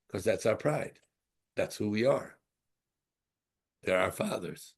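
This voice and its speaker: A man in his sixties teaching a Torah class, animated and full of rhetorical questions and stories. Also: fairly low pitch, takes it slowly, creaky, long pauses, husky.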